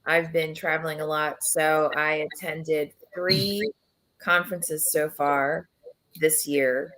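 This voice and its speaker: A woman hosting a casual live chat as a press founder, her voice husky and worn from travel, chatty and relaxed with many fillers. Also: sits low, rough recording. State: low husky voice from travel fatigue. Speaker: founder and executive editor of a press, host.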